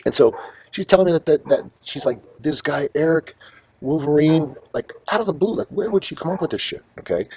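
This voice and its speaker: A middle-aged man hosting his own show, telling a long story in a rambling, profane, animated way. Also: a little high, quick pace, a little hiss or hum, rough recording. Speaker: host. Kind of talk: casual storytelling monologue.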